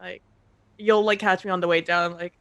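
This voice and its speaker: Tabletop player, bubbly, mid-pitched voice, dry close mic. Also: level tone, brisk, fairly bright tone, smooth, no room sound. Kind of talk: tabletop role-play chat.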